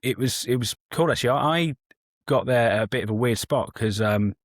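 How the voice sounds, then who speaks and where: A man's voice: medium pitch, a little fast, no room sound, clean studio sound. A man in casual podcast chat as a guest, hesitant with many ums and restarts, swearing casually.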